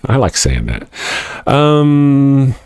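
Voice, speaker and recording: A man's voice: mid-range voice, wildly swooping pitch, drawn-out words, a little mellow, smooth, no room sound. A middle-aged man hosting a casual live talk show, reading viewer comments in a mocking, irreverent way and laughing often. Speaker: host of a live atheist morning show.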